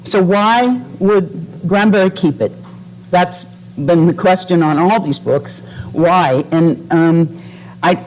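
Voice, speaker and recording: A woman's voice: on the low side, a little mellow, low-quality recording. A woman stands up to give a public comment at a board meeting, her voice charged with emotion. She speaks in an accusatory tone and stops often with ums and restarts as she builds her case.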